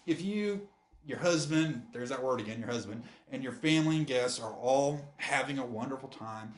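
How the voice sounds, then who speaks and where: An earnest man from the United States makes a persuasive sales pitch, stumbling and restarting now and then. His voice sits at an ordinary middle pitch. The room around him adds a clear echo. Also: fairly bright tone. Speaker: wedding photographer. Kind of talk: promotional talk to camera. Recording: roomy echo.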